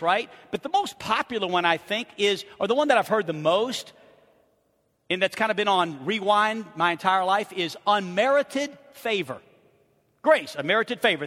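A middle-aged pastor preaches in a high, bright voice that carries a long reverberant tail through the hall. He drops into soft, confiding asides, then climbs to loud, shouted peaks. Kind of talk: sermon.

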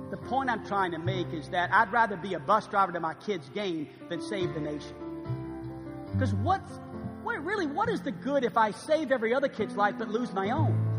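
A pastor in his fifties preaching a sermon, shifting between hushed, quiet passages and loud, emphatic ones. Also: extremely high pitch. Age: 50s. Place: church sanctuary. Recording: live church recording with long reverb and music.

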